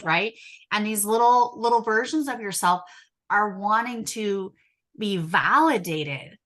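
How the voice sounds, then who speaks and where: A woman in her thirties, a hypnotherapist and inner child healer, talking earnestly and emotionally in casual conversation, slowing down on key words. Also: medium pitch, fairly bright tone.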